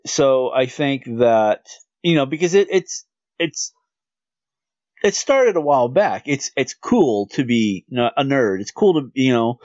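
A man's voice: medium pitch, a little mellow, no echo. Laid-back man musing in casual chat. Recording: dry, slightly dull lo-fi sound.

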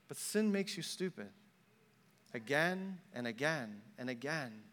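A man preaching a sermon, telling stories animatedly and acting out the voices of the people in them, then dropping to a hush for emphasis. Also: mid-range voice, unhurried. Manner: animated storytelling, acts out quotes, drops to a hush for emphasis. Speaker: pastor. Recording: long hall reverb.

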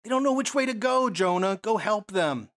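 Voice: mid-range voice, animated, moderate pace, a bit bright. A preacher works through a Bible passage in an easygoing, conversational sermon. The delivery is full of rhetorical questions and mid-sentence restarts.

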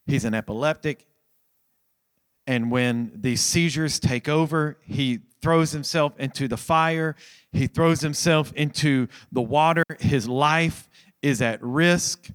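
A pastor preaching a sermon at a church service, moving from a hushed prayer to raised, pleading emphasis and repeating phrases to drive points home. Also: male voice, fairly high pitch, lively intonation, slow.

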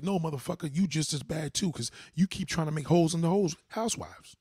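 A man hosting a livestream, delivering a profane, heated rant at his chat and swinging from low mutters to high outbursts. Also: expressive, fast talker, few pauses, a little mellow, husky, no room sound, studio quality. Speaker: livestream host. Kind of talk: ranting monologue to a live chat.

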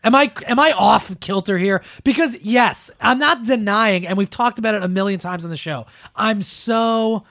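A man's voice: high voice, moderate pace, hardly any pauses, fairly bright tone, dry recording, clean studio sound. A man hosting a podcast, ranting sarcastically about the news in casual chat. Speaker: podcast host. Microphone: close studio mic.

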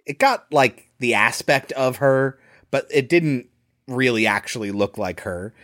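A man co-hosts a podcast in a relaxed, chatty way, walking through a film's plot and its production trivia with plenty of filler words. His voice sits at a middling pitch. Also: a little slow. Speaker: podcast co-host. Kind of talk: casual chat, movie recap and trivia.

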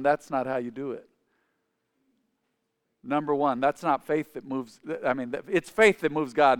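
A man preaches a sermon, his voice sitting a little higher than most men's. The tone is smooth and resonant. He drives his points home by repeating them with rising emphasis. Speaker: pastor.

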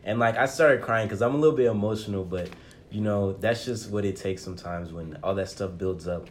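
Young man, low voice, earnest, reflective, casual podcast chat, faint background hiss. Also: a little fast. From Nigeria. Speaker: guest.

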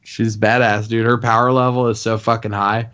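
A man's voice: fairly low pitch, level tone, normal speed, fairly bright tone, smooth, muffled recording. A man co-hosting a casual chat, laid-back and profane, calling others dude and man. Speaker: podcast co-host.

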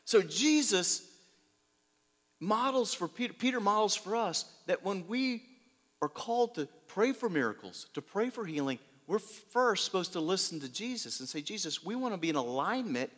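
A man preaching a sermon, telling stories in a lively way, his voice swinging between loud and soft. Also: sits high, moderate pace. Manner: lively storytelling, shifts loud and soft, laughs. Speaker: pastor. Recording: long hall reverb.

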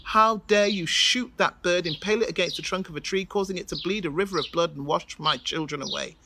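A woman's voice: fairly low pitch, a little fast, noisy background, close to an everyday voice. A woman storyteller voicing an angry, commanding king who accuses and demands answers. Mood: furious. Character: furious commanding male king, stern.

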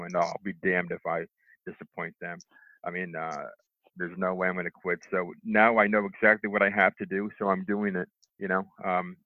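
A middle-aged man telling how he recovered from a stroke, halting, with lots of restarts and fillers. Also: deep voice, no room sound. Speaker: stroke survivor interviewee. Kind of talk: telling his own recovery story. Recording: tinny phone line, dry.

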